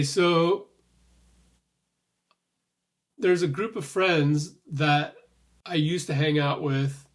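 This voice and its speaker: A man rambles casually through his thoughts in a somewhat high voice, restarting sentences and swearing now and then. His breath sounds a little short. He keeps an easy, confessional flow. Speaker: vlogger. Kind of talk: casual thinking-aloud monologue.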